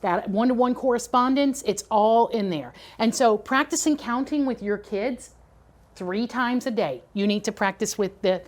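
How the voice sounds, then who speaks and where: A woman's voice: fairly high pitch, normal speed. A middle-aged woman giving a preschool teacher training lecture, chatty and conversational, checking in often with her listeners. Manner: conversational, checks in with "okay?" and "right?".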